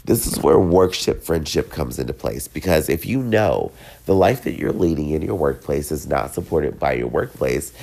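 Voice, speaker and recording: A man's voice: rumbling low, gravelly, darkish tone. A man hosting his own podcast, talking in a loose, rambling solo rant while congested, sick and drunk. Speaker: podcast host.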